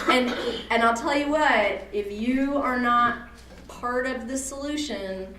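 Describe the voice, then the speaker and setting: A woman leading an advocacy workshop, quizzing her audience and making joking asides in a lively talk. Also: a little high, slow pace, noisy background. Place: meeting room at a church event. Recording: roomy hall, from far off.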